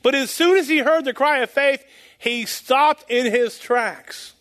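High-voiced folksy man preaching. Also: unhurried, a bit bright. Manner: rambling, folksy, chuckles at own jokes. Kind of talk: informal sermon.

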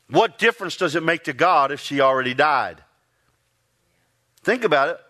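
Bright-voiced man preaching a sermon. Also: fairly high pitch, moderate pace. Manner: animated storytelling, rising to emphatic peaks; folksy, repeats and restarts phrases.

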